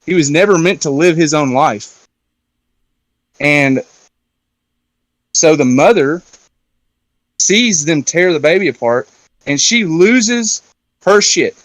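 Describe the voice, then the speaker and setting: A man relaxed in conversation, retelling a film scene by scene with plenty of fillers and casual swearing. His voice sits on the high side, and the recording is dry and close. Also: slow pace, long pauses, no echo. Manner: loose and chatty, with frequent fillers and swearing. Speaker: round-table discussion guest.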